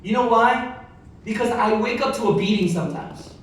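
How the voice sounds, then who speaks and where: A man's voice: sits high, moderate pace, a little hiss or hum. A man preaching a sermon as pastor, conversational with joking asides and repeated key lines. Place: large echoey church hall with congregation. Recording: very echoey hall heard from far off.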